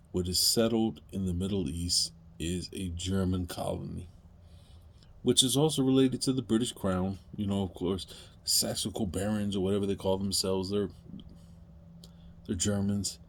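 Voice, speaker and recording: A husky, fairly low-voiced man delivering an impassioned monologue to the camera. He talks emphatically, swinging between pleading and loud outbursts. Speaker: video commentator.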